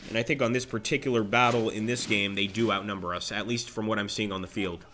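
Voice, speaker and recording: A man's voice: on the low side, fast talker, a little hiss or hum. A man streaming a strategy game, commenting casually on each move and reading viewers' chat aloud. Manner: chatty, reacts excitedly to the game and reads chat aloud. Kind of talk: live gameplay commentary.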